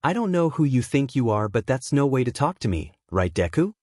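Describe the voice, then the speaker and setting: A man's voice: mid-range voice, sing-song, a little fast, darkish tone, no echo, studio quality. A man voicing a pushy, possessive teenage girl who speaks with entitled insistence. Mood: indignant.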